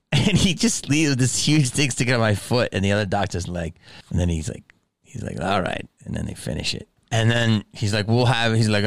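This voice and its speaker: A man's voice: on the low side, lively intonation, a little fast, vocal fry, no room sound. A man hosting a podcast, telling a rambling, profane story in a casual monologue. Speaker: podcast host.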